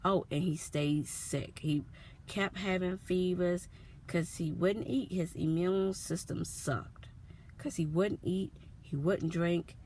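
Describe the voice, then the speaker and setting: Slow, gravelly-voiced mother telling her story. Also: on the low side, darkish tone, a little hiss or hum. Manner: earnest, repetitive, emotional retelling. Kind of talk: personal vlog storytelling.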